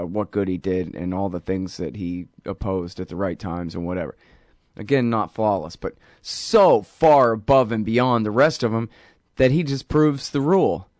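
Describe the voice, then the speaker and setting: A man's voice: fairly low pitch, no room sound, studio quality. A man hosting a show, ranting sarcastically about politics in a rambling, mocking way. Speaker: host. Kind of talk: casual political rant.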